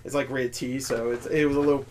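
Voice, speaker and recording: A young man hosting a casual gaming chat, excitable and swearing a lot, laughing often. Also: mid-range voice, fast talker, a little hiss or hum. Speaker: podcast host.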